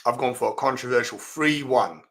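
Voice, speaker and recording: A man's voice: medium pitch, a little fast. Chatty man on a live stream. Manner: chatty, laughs often, reacts loudly to comments. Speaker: fantasy football streamer. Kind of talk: live stream chat reading viewer comments.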